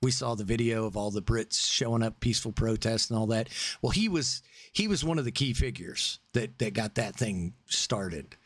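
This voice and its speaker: A man's voice: fairly low pitch, moderate pace, no echo. Man, podcast co-host, casual chat, rambling, opinionated, dry close sound. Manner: rambling, opinionated, laughs loudly.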